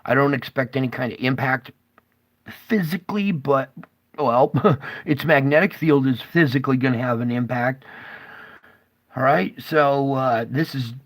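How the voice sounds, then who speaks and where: A man's voice: mid-range voice, a little slow. A man on a live stream urgently walking viewers through charts, checking in with them over and over. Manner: urgent, pointing things out, frequent "okay?" and "all right?" checks to viewers; alarmed and emphatic, swinging between loud bursts and hushed asides. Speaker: online streamer explaining space-weather charts.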